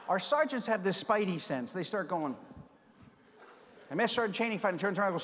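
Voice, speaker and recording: A middle-aged man giving a conference keynote, telling a story and acting out the dialogue with lively energy. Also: sits high, brisk, pauses often, a little hiss or hum. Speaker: keynote speaker. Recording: long hall reverb.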